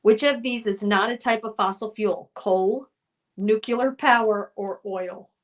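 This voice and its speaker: A woman's voice: mid-range voice, measured pace. A young woman hosting a trivia quiz on a live stream, chatting casually and reading out viewers' names and answers in a playful, sing-song way. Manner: chatty, reads chat names aloud, sing-song at times.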